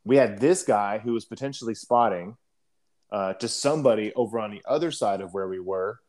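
A young adult man casually telling a war story, profane and rambling, often clearing his throat. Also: lowish voice, fairly quick, darkish tone.

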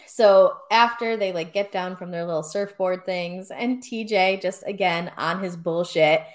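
Young woman podcast cohost, lowish voice, chatty and laughy, lots of likes and ums. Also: a little slow. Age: young adult. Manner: chatty, laughs often, many fillers. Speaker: podcast co-host. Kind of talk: casual chat.

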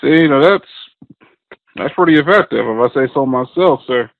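Male host, casual and laid-back, lively swooping pitch, dry close sound. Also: moderate pace, vocal fry, no room sound, phone-quality sound. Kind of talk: casual chat.

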